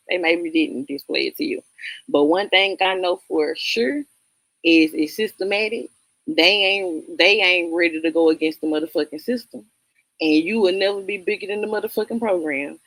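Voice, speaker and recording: This Southern-accented woman speaks at a moderate pace in a fairly bright voice on the low side, with no room sound. Running a laid-back livestream, she reads her chat and replies straight to chatters, bluntly and with frequent laughter.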